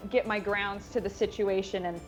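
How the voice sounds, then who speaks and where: A woman's voice: mid-range voice, fairly even intonation, moderate pace. A woman with a mid-range voice talks through her character's move in a tabletop game. She hesitates, restarts and rambles. Music plays faintly behind her. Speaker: player.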